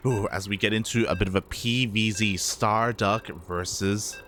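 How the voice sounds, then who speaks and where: A man's voice: fairly low pitch, fairly even intonation, moderate pace, fairly bright tone. A man casting a live esports match, chatty, with many fillers and frequent laughs. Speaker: esports caster. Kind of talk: live game commentary.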